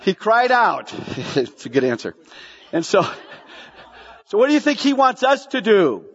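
A man's voice: high-pitched, measured pace. A man preaching a sermon, repeating key phrases and asking the congregation questions. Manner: animated preaching, repeats lines for emphasis, asks the congregation questions. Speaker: pastor. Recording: dull sound, long hall reverb.

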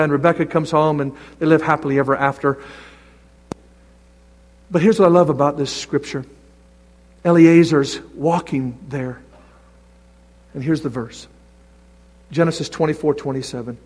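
Animated high-voiced male preacher. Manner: animated, acts out voices and scripture readings. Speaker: pastor. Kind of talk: sermon. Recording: long reverb of a large hall.

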